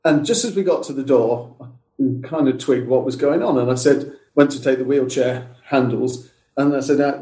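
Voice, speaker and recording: A middle-aged man recounts events as a podcast guest, laying things out step by step. His voice is mellow and dark. The sound has a noticeable room echo. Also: medium pitch, a little fast. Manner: steady, detailed storytelling. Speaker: guest, father of a wheelchair user.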